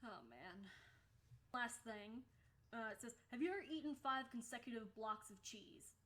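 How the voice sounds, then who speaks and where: A young woman talks through a casual vlog in a chatty, blunt way, dropping swear words offhandedly. Her voice sits a little on the high side. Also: expressive, measured pace, a bit bright. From United States. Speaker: vlogger.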